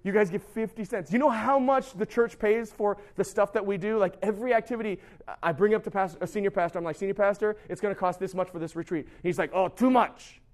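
A young male pastor with a high-pitched voice talks fast while giving a youth sermon. He is casual and animated, acting out the excuses his students make.

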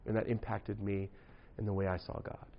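Gravelly man preaching casually to youth. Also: on the low side, little pitch movement, normal speed, lo-fi sound, a little hiss or hum. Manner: conversational, joking, frequent "right?" asides. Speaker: youth pastor. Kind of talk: casual sermon to young people.

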